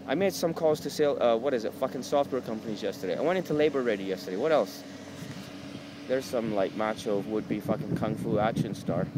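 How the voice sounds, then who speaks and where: Man, rambling profane rant, lively swooping pitch, outdoor city street, loud traffic noise. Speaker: vlogger.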